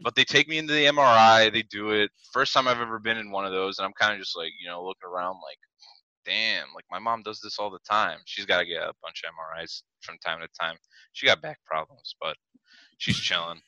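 A man's voice: fairly low pitch, fairly even intonation, fairly quick, pushed and bright, no room sound. A man in his twenties telling a story on a casual podcast, rambling and packed with "like" and swearing. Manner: rambling, heavy "like" fillers, swears. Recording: dull dry lo-fi mic.

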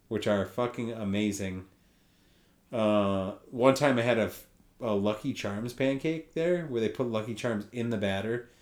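A man's voice: mid-range voice, echoey room. A young man hosting a solo podcast, telling rambling, profane stories with laughs in between. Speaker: podcast host. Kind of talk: casual solo podcast chat.

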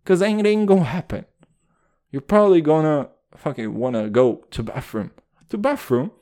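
Animated, foul-mouthed man ranting. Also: on the high side, normal speed. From Russia. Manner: swearing, rambling, riffing on tangents; animated, calls the listener dude. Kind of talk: profane comedic rant.

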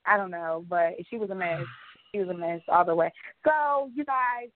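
A woman's voice: lowish voice, lively intonation, moderate pace, narrow, tinny audio, slight background noise. A pregnant woman co-hosting a podcast, telling a story in casual chat and swearing freely. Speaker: podcast co-host.

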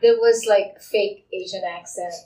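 A woman's voice: medium pitch, fairly even intonation, measured pace, warm tone. An older woman stage actor reflecting on her career in an interview, hesitant and full of fillers. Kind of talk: interview clip. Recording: echoey room, distant mic.

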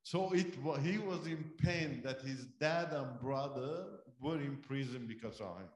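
A man giving a sermon testimony as a guest missionary speaker, telling a story with animated delivery and acting out what people said. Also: medium pitch, unhurried, reverberant. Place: church.

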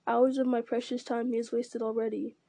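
A woman's voice: on the high side, level tone, a little fast, vocal fry, mellow, no echo. A woman reading aloud as a stern old male wizard who rebukes sharply. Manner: piercing, rebuking.

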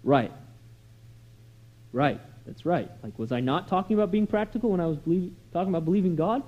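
A man preaching a sermon in a conversational, storytelling way, sliding from soft asides to loud, emphatic lines. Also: high-pitched, animated, brisk, phone-quality sound. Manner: conversational storytelling with many "you know" and "right?" asides. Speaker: pastor.

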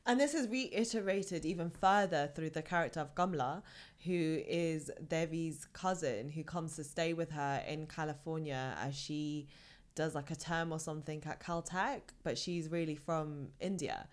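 A young Englishwoman co-hosts a podcast, chatting casually and sharing her opinions freely, with lots of fillers. Her voice is deep and her pace moderate.

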